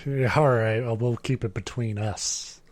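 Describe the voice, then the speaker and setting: A man's voice: mid-range voice, a little slow. Sarcastic crude podcast host man. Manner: sarcastic, crude, deadpan jokes. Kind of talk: casual chat.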